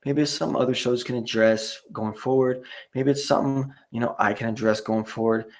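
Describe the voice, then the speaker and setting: Gravelly, rambling male stream host. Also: medium pitch. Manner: rambling, profane, many "you know" fillers. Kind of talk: casual live stream sign-off, reading chat.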